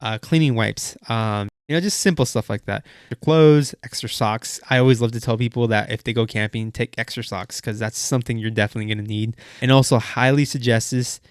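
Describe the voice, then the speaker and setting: A young man tells a story in a relaxed, rambling way, full of "like" and quoted asides. His voice is smooth and clear at an ordinary pitch. The sound is dry and close, with no room echo. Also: brisk, few pauses. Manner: casual, many fillers and quoted asides. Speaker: car channel host. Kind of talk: casual storytime vlog.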